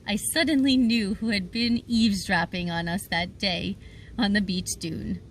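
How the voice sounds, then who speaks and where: A woman reading a children's adventure novel aloud in first-person narration, lively and expressive. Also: mid-range voice, measured pace, slight background noise. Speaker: audiobook reader.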